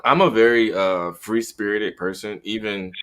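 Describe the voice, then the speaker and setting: A young man talking candidly in a casual podcast chat, animated and acting out what he would say. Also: lowish voice, normal speed, noisy background. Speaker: podcast co-host.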